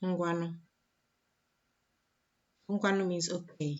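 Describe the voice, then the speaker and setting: A woman teaching an Igbo lesson. She says each phrase and repeats it slowly for learners to copy, then explains it in English. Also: fairly low pitch, muffled recording. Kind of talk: language lesson with spoken examples.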